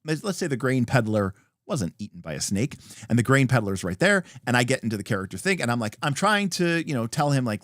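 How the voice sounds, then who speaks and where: A lively man walks through tabletop game rules on a livestream. His pitch swings widely as he acts out bits of example dialogue between lots of fillers. The sound is close and dry. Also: fairly quick, no room sound. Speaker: host explaining game rules. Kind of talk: casual rules explanation on a livestream.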